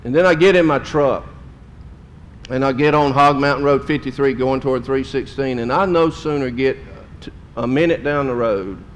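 A middle-aged man preaches in a homespun, storytelling way and lets emotion show. His pitch sits in an ordinary middle range. Faint background noise runs under his voice. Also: moderate pace. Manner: folksy, emotional storytelling with drawled Southern phrases. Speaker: pastor. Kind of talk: sermon storytelling.

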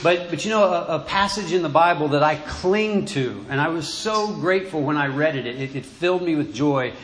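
A man's voice: on the high side, a bit bright. Stammering preacher man in an echoey room. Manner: halting, stammers and repeats words. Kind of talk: sermon. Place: church.

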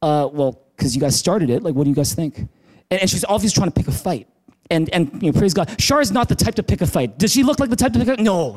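A male pastor preaching a sermon in a church, animated, often restarting words and asking the congregation questions. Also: sits high. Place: church in Vancouver.

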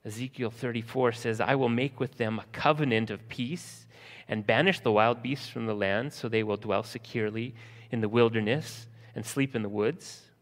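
A man preaching a sermon, slowing for emphasis and acting out scenes from the text in lively voices. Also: medium pitch, long reverb tail. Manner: lively storytelling, acting out disciples' panic in a raised voice. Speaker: pastor.

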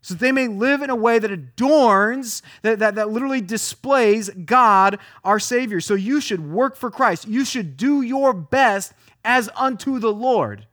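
Guy pastor with a pretty high voice, preaching, repeats himself a lot, lots of rhetorical questions, dry close sound. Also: unhurried, few pauses, a bit bright, dry recording. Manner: emphatic, repeats phrases, asks many rhetorical questions. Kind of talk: sermon.

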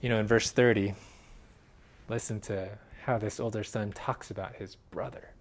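A man preaching a sermon in an earnest way, swinging from loud emphasis to hushed, quiet phrases. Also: on the low side, steady tone, normal speed. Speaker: pastor.

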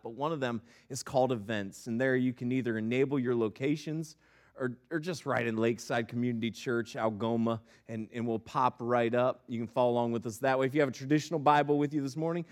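A middle-aged man, a pastor, preaching a sermon in a church and telling family stories with animated delivery. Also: medium pitch. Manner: animated storyteller, acting out his kids and himself. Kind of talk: sermon with personal storytelling. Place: church sanctuary.

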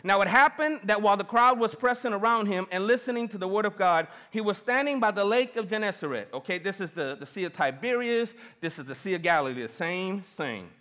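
A middle-aged man preaching a sermon as pastor, lively and personal, calling on the congregation. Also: sits high, a little fast, few pauses. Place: large church hall. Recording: long reverb of a big hall.

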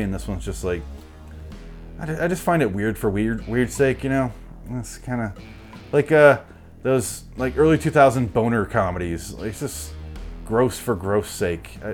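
A man casually recapping a movie in a rambling, profane, sardonic way. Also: lowish voice. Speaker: movie reviewer.

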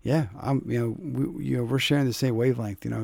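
A male podcast host chatting casually, quick and enthusiastic, with stumbling restarts. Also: mid-range voice, fairly even intonation, gravelly, mellow, no room sound. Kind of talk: casual interview chat.

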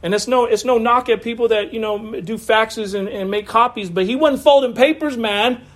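A man's voice: very high-pitched, moderate pace. A man preaching a sermon in a loose, conversational way, with asides and laughs, over a video call. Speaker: pastor.

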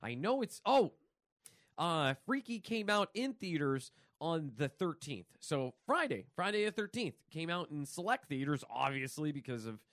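A man hosting a casual movie news show, excitable and rambling, with plenty of fillers and asides. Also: fairly high pitch, normal speed, dry recording, clean studio sound. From New York. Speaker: podcast host.

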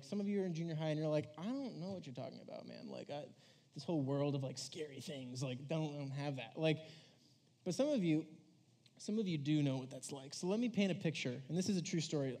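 A young youth preacher with a mellow, higher-leaning voice tells stories in a casual sermon to a youth crowd. He rambles, says "like" constantly, and acts out the voices of the people he quotes.

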